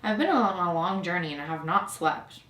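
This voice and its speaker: A woman's voice: fairly low pitch, expressive, moderate pace, a bit bright. A woman voicing a small, polite young prince in a storybook reading, asking timid, wondering questions. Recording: roomy echo.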